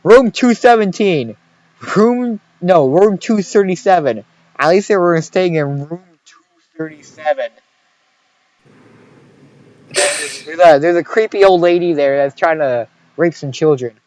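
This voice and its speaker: A young man hosting a casual podcast, reading diary entries with lots of jokes and swearing. His voice sits a touch high for a man, and he trips over words as he rambles. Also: expressive, unhurried, long pauses, a little mellow, no room sound, poor audio. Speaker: podcast co-host. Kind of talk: casual podcast chat, reading diaries aloud.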